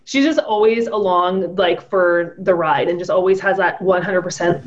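A woman co-hosting a podcast who coaches nutrition, talking in an encouraging, steady flow. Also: lowish voice, normal speed, highs cut off, a little hiss or hum. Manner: encouraging, talks in a steady flow with "you know" fillers. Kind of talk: casual chat.

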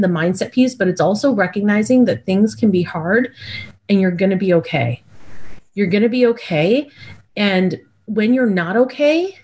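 Casting: woman podcast co-host, somewhat low voice, earnest and reflective, gently encouraging. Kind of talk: casual podcast chat.

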